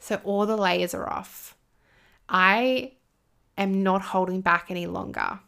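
A woman speaking earnestly and emotionally to her listeners, swearing freely and pausing often as a spiritual coach. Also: medium pitch, gravelly, fairly bright tone. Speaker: spiritual coach and business owner. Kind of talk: heartfelt personal monologue.

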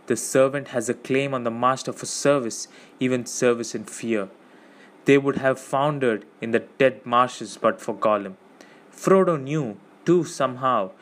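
A man narrating an audiobook with steady, measured reading. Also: medium pitch.

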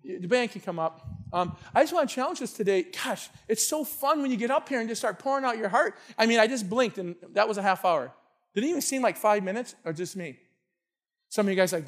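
Guy preaching in church, really high voice, gets loud and fired up, repeats himself a lot. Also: brisk. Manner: excitable, shouting at times, repeats words. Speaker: pastor. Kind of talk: sermon. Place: church sanctuary.

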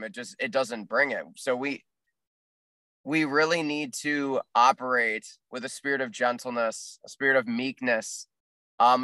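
A man co-hosting a faith podcast, speaking earnestly and haltingly, often restarting his sentences. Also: medium pitch, sharp tone, dry recording. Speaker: podcast co-host. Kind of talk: casual faith discussion.

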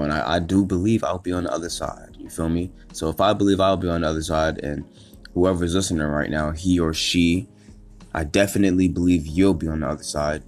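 A man's voice: low voice, darkish tone. A man hosting a solo motivational podcast, talking emphatically, swearing a lot and repeating himself as he pushes through. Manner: emphatic, repetitive and profane, with many restarts. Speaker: podcast host.

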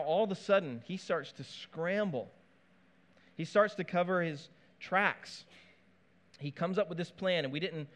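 A man preaching a sermon in a conversational, animated way, with asides and playful touches. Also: on the high side. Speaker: pastor.

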